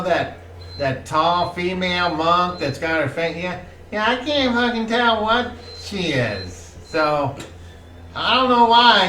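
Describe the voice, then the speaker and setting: A suspicious, rambling villager who stumbles over his words, as a game master puts him on. The voice sits high and strained. It is caught from a distance in a roomy space with faint background hum. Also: sharp tone, exaggerated voice.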